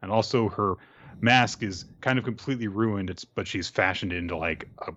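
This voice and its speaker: A man co-hosting a casual chat about comics, relaxed and speculative. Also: lowish voice, normal speed, muffled recording. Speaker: podcast co-host. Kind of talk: casual manga discussion.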